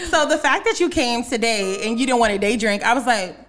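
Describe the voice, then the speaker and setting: A woman's voice: on the high side, lively intonation, fairly quick, over a noisy crowd. A young woman co-hosting a casual chat, teasing and laughing through playful banter.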